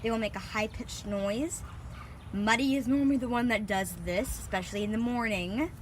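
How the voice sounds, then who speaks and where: A chatty young woman films her pet guinea pigs outdoors in a backyard, narrating a casual vlog. Her voice is on the high side at normal speed, with slight background noise, and she talks informally with many fillers and sweet baby talk to the pets.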